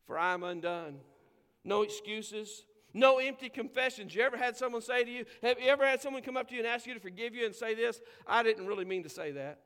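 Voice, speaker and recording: A man preaching a sermon as pastor, with emphatic delivery, drawn-out scripture quotes and conversational asides to the congregation. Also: high voice, a bit bright, in a large hall. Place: church sanctuary.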